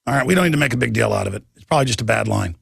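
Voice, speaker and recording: This is a man hosting a talk radio interview, with a heavily gravelly, rough voice. He talks in an emphatic, rambling way, and his voice sounds close and dry with no room around it. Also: mid-range voice, animated, racing, fairly bright tone, no room sound. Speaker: radio talk show host.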